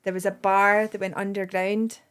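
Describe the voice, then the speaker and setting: A woman's voice: medium pitch, flat delivery, normal speed, clear, resonant tone. A Scottish woman in her forties, a comedian guest, telling rambling anecdotes in casual podcast chat with many restarts.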